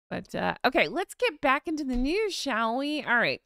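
A woman's voice: high voice, vocal fry, a bit bright, no echo. An American woman hosting a live chat, chatting casually, reading viewer comments and sighing with vocal eye rolls. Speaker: live stream host.

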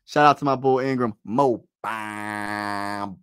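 A young man giving casual fan play-by-play of a basketball game, excitable, pleading and groaning as plays unfold. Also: lowish voice, slow pace, smooth, no room sound, studio quality. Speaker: live play-by-play streamer.

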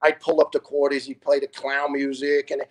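A man, a retired firefighter telling lively stories as a podcast guest and acting out the people in them. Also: moderate pace. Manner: animated storyteller who acts out quoted people with big pitch jumps. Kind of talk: storytelling in a podcast interview.

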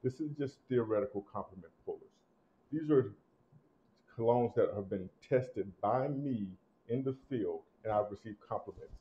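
Male host, low voice, punchy delivery, slightly dull lo-fi sound, casual review. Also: moderate pace, a little hiss or hum. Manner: animated, emphatic, swings between loud punches and low asides.

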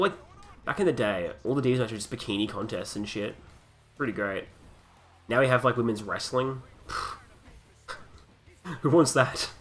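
A young Australian man casually commentating a wrestling video game, joking crudely and breaking into excited wrestling calls. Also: lowish voice. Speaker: gaming commentator. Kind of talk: casual let's play commentary.

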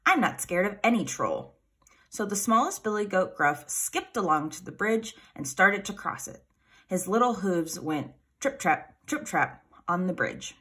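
Animated woman reading a story. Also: medium pitch, measured pace, breathy edge. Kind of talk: reading a children's story aloud.

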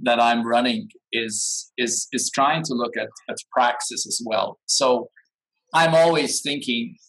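A man's voice: mid-range voice, measured pace, a bit bright, husky, poor audio. A man who teaches new media, speaking hesitantly, repeating words as he thinks aloud. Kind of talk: conversational discussion.

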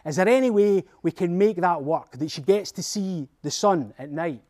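An eager, cheeky boy, put on by a Scottish man chatters brightly and politely, his voice bouncing high. A storybook hero running errands for one creature after another. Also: animated, moderate pace.

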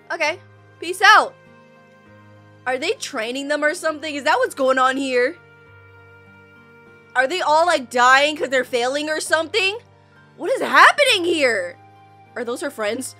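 An excitable woman commenting on an animation, crying out at shocks and throwing in mocking asides. Her voice sits high and swings widely, with a sharp, bright edge. Soft music plays underneath. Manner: excitable, gasping and crying out at twists; mocks characters in quick voiced asides. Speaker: reaction video host.

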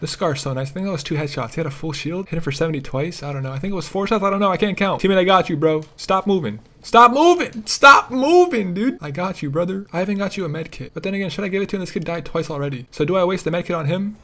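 A young man giving casual, excitable commentary while playing a shooter game, laughing and yelping often. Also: a little high, very fast, few pauses. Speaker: gamer streamer.

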